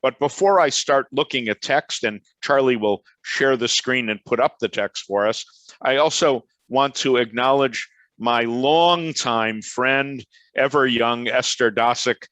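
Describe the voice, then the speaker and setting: An older man with a Chicago accent gives an online lecture over a video call. He talks in a relaxed, chatty way and drifts into side stories. His voice sits in a middle register, and the sound is dry with almost no room echo. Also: medium pitch, measured pace. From Chicago, USA. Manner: conversational, anecdotal and digressive. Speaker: professor giving a lecture.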